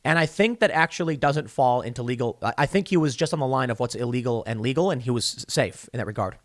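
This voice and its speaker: A man's voice: medium pitch, animated, quick pace, no echo, clean studio sound. A man hosting a podcast, delivering solo political commentary in an emphatic, argumentative way, building long analogies to make his point. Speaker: podcast host.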